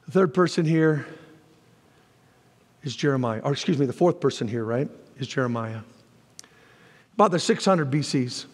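A man preaching a sermon as pastor, animated, with folksy asides to the congregation and sudden shouted lines. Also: mid-range voice, normal speed, pauses often, big-room sound. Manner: animated preaching, jumps to shouts when voicing God.

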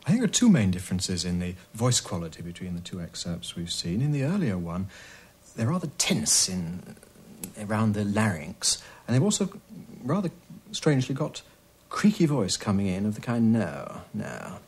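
A man, an expert on British accents, explaining speech changes in a measured way while demonstrating vowel sounds. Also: lowish voice, big pitch swings, darkish tone, breathy edge. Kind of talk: explanatory interview talk.

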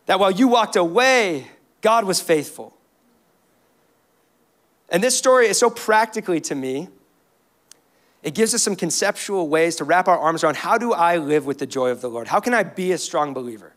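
Guy with a pretty high voice preaching in church, reads scripture then gets fired up. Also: animated, normal speed, pauses often, fairly bright tone. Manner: preaching with rising intensity, reading scripture aloud. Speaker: pastor. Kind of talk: sermon. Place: church sanctuary.

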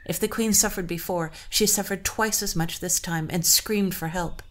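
A woman with a lowish voice narrates an old folktale, adding her own commentary in a measured, even manner. She's a storyteller and podcast host.

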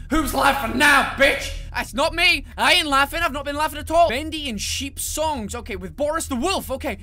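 Woman let's player, high and sharp, brash joking commentary with swearing. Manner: brash, jokey, swears freely. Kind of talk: gameplay commentary.

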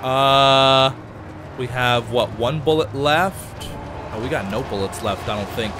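A man hosting a let's play, commenting as he plays, with excitable, panicky exclamations under fire. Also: mid-range voice, a little slow, background noise. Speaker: gaming channel host.

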